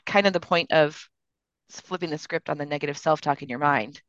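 A middle-aged or older woman and grandmother, co-hosting a podcast in casual chat, halting with fillers and quick laughs. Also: low voice, a bit bright, no room sound. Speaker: podcast co-host. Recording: dry, dull lo-fi sound.

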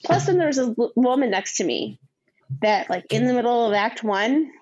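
A chatty woman with a slightly high voice tells stories in a blunt, animated way and swears freely. Her audio comes through a dull, lo-fi call line. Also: normal speed. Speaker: podcast co-host. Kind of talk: casual chat.

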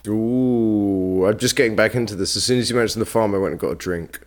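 A man's voice: on the low side, a little fast. A man co-hosting a podcast, speaking in a dry, teasing way. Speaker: podcast co-host. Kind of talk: casual podcast chat.

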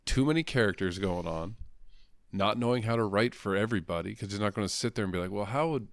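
Low-voiced man, crude joking chat. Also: quick pace, dry recording, studio quality. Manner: crude, joking, rambling with many fillers. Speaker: podcast co-host. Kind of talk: casual comic book podcast chat.

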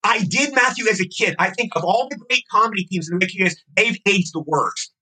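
High, bright, fast-talking man. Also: slightly rough, poor audio. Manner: effusive, gushing enthusiasm. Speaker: guest actor. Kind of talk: casual interview storytelling.

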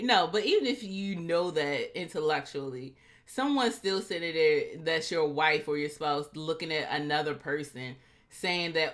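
A woman co-hosting a podcast in casual chat, recapping a TV episode and acting out quotes with big jumps in her voice. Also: moderate pace. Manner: animated, acts out quotes with big pitch jumps. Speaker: podcast co-host.

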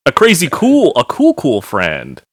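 A man's voice: mid-range voice, huge pitch swings, unhurried, dry recording. Jokey male podcast co-host, dry sound. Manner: jokey, laughs often. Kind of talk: casual chat.

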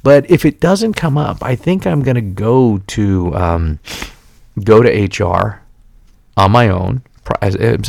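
A man's voice: lowish voice, expressive, takes it slowly, vocal fry, a little mellow, no room sound. A man hosting a podcast, telling casual rambling anecdotes with frequent restarts and laughter. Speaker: podcast host. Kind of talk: casual chat.

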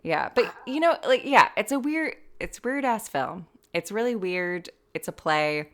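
A woman's voice: medium pitch, measured pace. An American woman in her thirties, a comedian guest chatting on a podcast, telling stories with lots of laughter and acted-out quotes. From United States. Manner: animated storytelling, laughs often, acts out quotes. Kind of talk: casual chat.

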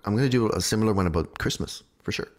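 A man co-hosting a casual podcast, an animated talker who swears freely. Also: lowish voice, racing. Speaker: podcast co-host.

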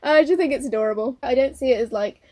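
A woman's voice: high-pitched, fast, darkish tone. A British woman chatting on a podcast, rambling enthusiastically and laughing as she talks. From Britain. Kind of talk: casual chat.

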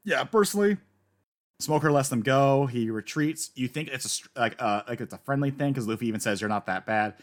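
Male co-host, casual anime recap chat, lively voice that climbs and dips, jokey. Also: mid-range voice. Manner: animated, jokey, quick to laugh. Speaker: podcast co-host.

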